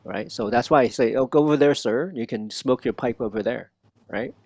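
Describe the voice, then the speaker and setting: A man coaching a student one on one, modeling lines slowly and repeating them with lively energy. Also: medium pitch. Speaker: accent coach. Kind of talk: one-on-one language lesson.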